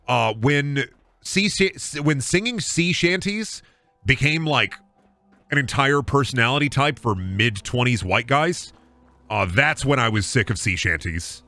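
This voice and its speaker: A man streaming a video game and riffing in a mock stand-up style, swinging from muttered asides to shouted rants. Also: medium pitch, no room sound. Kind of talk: comedic gaming stream banter.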